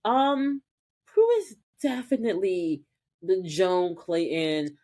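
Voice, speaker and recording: A woman co-hosting a podcast, chatting casually as she recaps a TV episode and acts out the characters' lines in quick voices. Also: fairly low pitch, expressive, warm tone. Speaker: podcast co-host.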